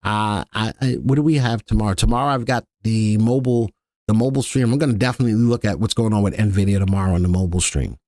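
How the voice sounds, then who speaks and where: A man's voice: on the low side, fast talker, darkish tone, dry recording, clean studio sound. A man hosting a live stock-analysis stream, chatting casually with viewers and crew and repeating his key points. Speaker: livestream stock analyst host.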